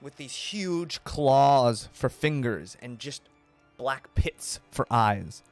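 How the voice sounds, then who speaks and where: A man's voice: mid-range voice, lively intonation, takes it slowly, dry recording, soft background music. A man narrating a tabletop game as game master, describing scenes with many restarts and repeated words.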